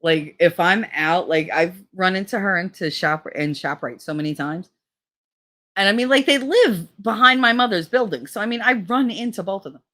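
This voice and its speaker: A woman's voice: animated, normal speed, bright, forceful tone. A woman telling a gossipy story in a casual vlog, swearing freely and mimicking other people's voices. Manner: gossipy, profane, mimics others with big pitch jumps. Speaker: vlogger.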